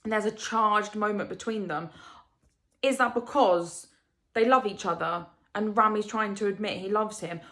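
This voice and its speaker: A woman's voice: medium pitch, moderate pace, fairly bright tone. Emotional woman rambling about a book. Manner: emotional, rambling, rhetorical questions. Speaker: book vlogger. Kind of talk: casual rambling book review.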